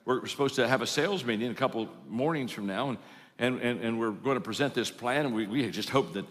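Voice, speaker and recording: A man voicing an earnest, hopeful male businessman in a told story, speaking haltingly. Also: mid-range voice, big-room sound, lightly acted.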